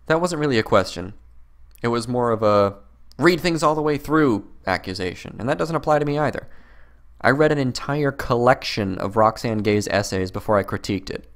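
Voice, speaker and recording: A man's voice: expressive, a little fast. A man delivers a rebuttal commentary in a mocking, exasperated way. His voice rises and falls a lot as he picks arguments apart. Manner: mocking, exasperated, mimics opponents in high voices. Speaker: commentary video host.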